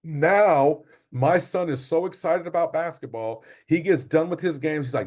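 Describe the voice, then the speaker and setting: A man's voice: on the high side, moderate pace, hardly any pauses, darkish tone. A middle-aged man, a basketball coach, giving an emphatic motivational talk to sports parents. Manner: repetitive, emphatic motivational delivery. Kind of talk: parent training presentation.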